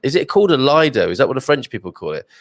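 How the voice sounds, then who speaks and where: A man's voice: medium pitch, big pitch swings, very fast, no room sound, studio quality. A man hosting a casual livestream from home, reading out viewer comments in a chatty, jokey way with plenty of ums and uhs. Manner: chatty and jokey, many fillers. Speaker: livestream host. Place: home with a wood stove.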